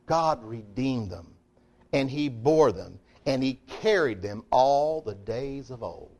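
A middle-aged man preaching a sermon in a folksy, emphatic way, swinging between loud declarations and quiet asides. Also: mid-range voice, lively intonation, slow.

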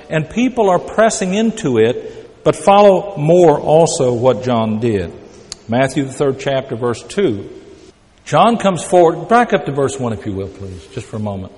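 A man's voice: a little high, darkish tone, in a large hall. A man preaching a sermon in a conversational but emphatic way, often repeating words as he builds a point.

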